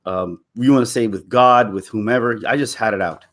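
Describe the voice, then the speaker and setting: A man's voice: mid-range voice, brisk, a bit bright. A man on a live stream, telling a personal story to his viewers in a candid, rambling way with frequent restarts. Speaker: YouTube commentator.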